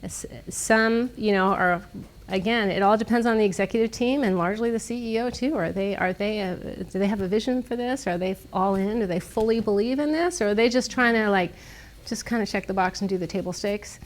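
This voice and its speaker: A middle-aged woman speaking as a guest speaker, telling stories in a lively, snarky way and laughing often. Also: medium pitch, fairly quick. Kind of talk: casual storytelling talk. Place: lecture room.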